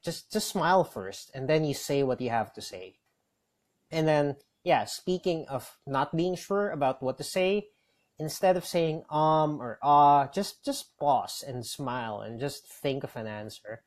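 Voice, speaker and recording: A man giving casual tips as a call center trainer, rambling with many fillers and restarts. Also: on the high side. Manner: coaching, gives direct advice. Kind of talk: casual instructional talk.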